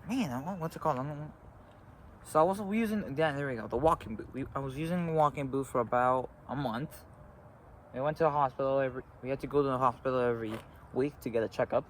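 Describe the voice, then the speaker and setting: A teenage boy vlogs outdoors beside a road, telling a casual story in a medium-pitched voice. He rambles and halts, with lots of fillers, and faint traffic can be heard in the background.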